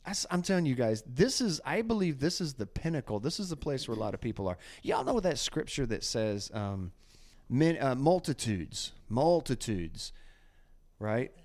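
A man hosting a casual faith podcast, talking in an animated, preachy way and often acting out quotes. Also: medium pitch. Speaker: podcast host.

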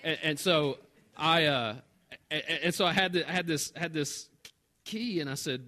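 A man, a pastor telling a personal story in a relaxed, self-mocking sermon. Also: on the high side, fast talker. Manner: conversational and self-mocking, with animated retold dialogue.

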